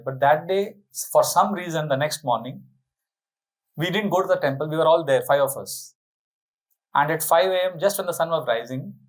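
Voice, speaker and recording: A middle-aged man, a monk telling an animated, laughing anecdote as a spiritual talk. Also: on the high side, low-quality recording. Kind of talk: storytelling sermon.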